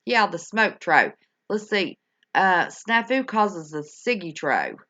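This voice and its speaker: A folksy older woman hosting a stream chats casually with live viewers, affectionately addressing them as honey and y'all. Her lowish voice swings widely in pitch and moves slowly, sounding pushed and bright. The audio is dull, lo-fi home stream quality.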